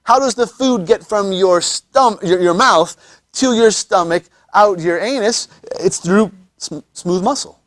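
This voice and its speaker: A man's voice: high voice, a little slow, no echo, studio quality. Joking man lecturing a class. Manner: joking, many restarts and repeated words. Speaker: anatomy teacher.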